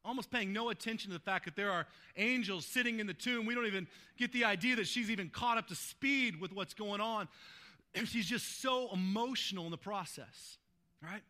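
High, bright-voiced male preacher. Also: moderate pace. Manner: informal, asks "right?" to the listeners. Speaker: pastor. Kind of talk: conversational sermon.

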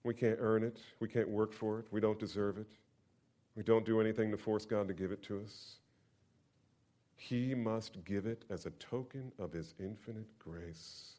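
A man preaching a sermon to his congregation, swinging between loud emphatic bursts and hushed near-whispers and leading them in call-and-response. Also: fairly low pitch, steady tone, moderate pace. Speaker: pastor. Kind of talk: expository sermon.

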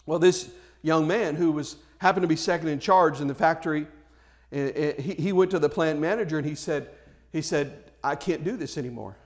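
Male preacher with a high voice; fervent, emphatic sermon delivery with frequent restarts.

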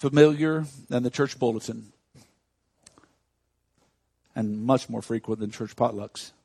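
A man preaching a sermon as a pastor, moving from quiet, close talk to loud, shouted preaching. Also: mid-range voice, measured pace, slightly rough, dry recording. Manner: swings from hushed intimacy to loud shouting preaching. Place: church.

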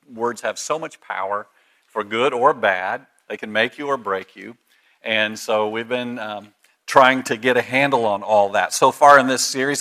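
A man's voice: mid-range voice, sharp tone. A male pastor giving a sermon in a conversational way, with frequent ums and uhs.

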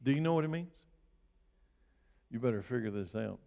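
A male pastor preaching a sermon, asking his congregation direct questions and building to emphatic, loud bursts. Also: mid-range voice, lively intonation, normal speed, gravelly, muffled recording. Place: church sanctuary. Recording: long reverb of a large hall.

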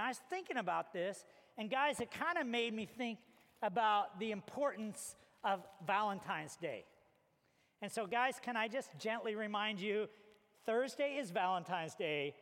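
Guy pastor w a really high voice, preaching, acts out lil scenes, big echoey church hall. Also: normal speed. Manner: animated storytelling, acts out little scenes. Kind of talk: sermon. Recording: reverberant hall.

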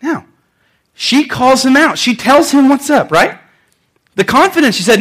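A man's voice: extremely high pitch, sing-song, a little slow, long pauses, fairly bright tone, slightly rough. A male pastor delivering a sermon in an emphatic, conversational way, repeating words for effect.

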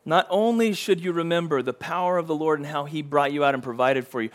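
A male preacher with a slightly high voice, talking to his congregation in a casual, conversational way. He acts out the quoted lines with rising intensity. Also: fairly quick, few pauses. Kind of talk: sermon.

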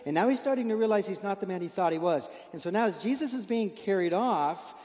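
A man's voice: high-pitched, expressive, fast talker, darkish tone, long reverb tail. A man preaching a sermon, telling a story earnestly and building with emotion through rhetorical questions.

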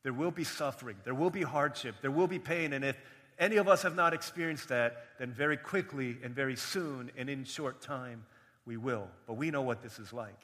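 A young adult man preaching a sermon as pastor, swinging from raised, emphatic lines to quiet storytelling. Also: mid-range voice, fairly quick. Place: church sanctuary. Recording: long hall reverb.

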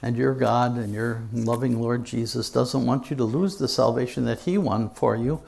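A male pastor preaching a sermon in church to his congregation, earnest and emphatic, with dramatic pauses. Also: medium pitch, vocal fry, darkish tone.

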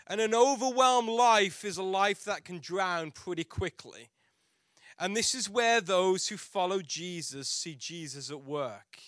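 A man's voice: sits high, animated, unhurried, a bit bright, dry recording, studio quality. A man preaching a sermon as a pastor, telling a personal story in a chatty, self-mocking way with frequent restarts.

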